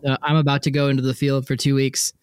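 A man's voice: medium pitch, monotone, fast, clean tone, dry recording, studio quality. Joking, rambling male podcast co-host. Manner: joking, rambling, laughs often. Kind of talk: casual podcast banter.

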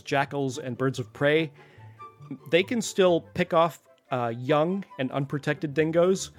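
A man hosts a casual podcast, wandering through his points and wondering aloud. His voice sits at an ordinary middle pitch. A faint bed of music runs under him. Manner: chatty, digressive, asks himself questions aloud. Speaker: podcast host. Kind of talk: casual explanatory podcast talk.

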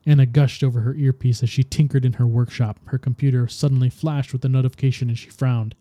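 A man, a podcast host, reading a story aloud in a steady, expressive narrating voice. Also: mid-range voice, a little fast, no echo, clean studio sound.

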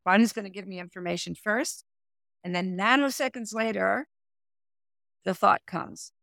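Gravelly woman coach explaining calmly. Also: medium pitch, moderate pace, no room sound, clean studio sound. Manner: animated, explanatory, talks with her hands. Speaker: executive performance coach and therapist. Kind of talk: podcast interview, explaining. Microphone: remote audio, no camera.

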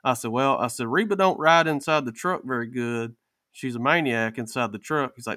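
A man's voice: medium pitch, a little fast, pushed and bright, no room sound, clean studio sound. A man telling a story in casual chat, acting out what people said. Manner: drawling storyteller, acts out quotes. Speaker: podcast panelist.

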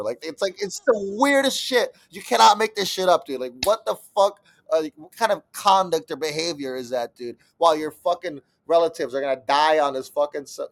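A young man co-hosting a podcast, chatting casually and breaking into profane, exasperated rants. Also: on the high side. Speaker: podcast co-host. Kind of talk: casual chat.

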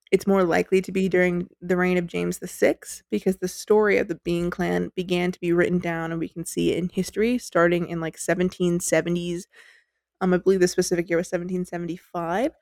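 A woman's voice: fairly low pitch, vocal fry, a little mellow, no echo. A woman hosting a podcast, telling a story in a chatty, giggly, self-deprecating way into a close mic. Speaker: podcast host.

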